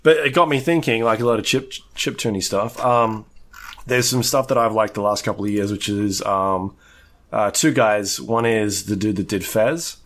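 A man's voice: fairly low pitch, normal speed, fairly bright tone. A man co-hosting a podcast, rambling in casual chat with frequent fillers and casual swearing. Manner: rambling, lots of ums and likes, swears casually. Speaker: podcast co-host.

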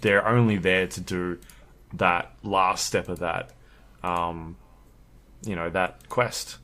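A fairly low-pitched man co-hosting a laid-back podcast chat. He talks things through easily, with casual swearing and the odd trailing filler. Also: fairly even intonation, slow pace, sharp tone. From Australia. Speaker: podcast co-host.

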